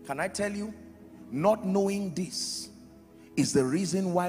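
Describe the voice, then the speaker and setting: A man preaching a sermon as pastor, emphatic, swinging from loud shouts to quiet drops. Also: sits high, unhurried, long pauses. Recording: reverberant hall with faint music.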